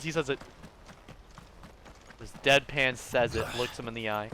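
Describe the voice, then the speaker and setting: A man's voice: fairly high pitch, very animated, pushed and bright. A young man casually commenting on a game as he plays, rambling, swearing freely and laughing often. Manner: profane, rambling, quick to laugh. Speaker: gamer playing through a game.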